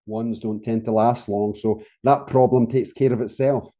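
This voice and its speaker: A man's voice: mid-range voice, steady tone, moderate pace, mellow, natural voice. A man playing a sarcastic, rebellious soldier in an audio comedy, dry and sardonic.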